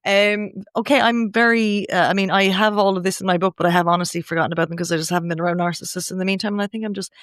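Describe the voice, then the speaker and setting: A woman hosting a casual podcast, blunt and quick to swear. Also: medium pitch, steady tone, a bit bright, no room sound, studio quality. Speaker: podcast host.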